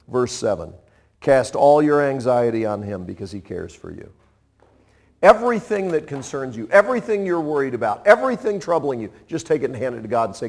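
A pastor in his sixties delivers a sermon with a slightly high, gravelly voice. His speech swings widely in pitch as he acts out playful little voices. He chuckles now and then as he preaches. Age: 60s.

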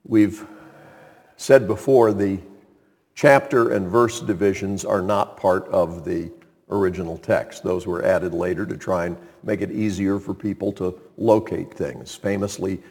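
A man's voice: sits low, a little mellow, husky, in a large hall. A man preaching a sermon as a pastor, earnest and building in force on key points.

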